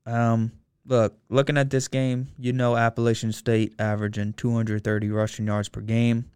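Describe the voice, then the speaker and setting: A man with a smooth, clear voice speaks in a flat, even tone as he gives game stats and his betting pick. He is relaxed and halting, and the sound is dry. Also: mid-range voice, dry recording. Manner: laid-back, stats-driven, halting with fillers. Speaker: sports betting co-host. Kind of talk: casual sports betting chat.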